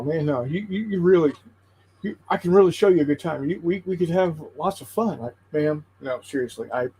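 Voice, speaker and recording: A man on a tabletop gaming stream telling a long joke in casual chat, halting and repeating his words as he goes. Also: mid-range voice, a little mellow, husky, poor audio. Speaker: co-host of a tabletop painting stream.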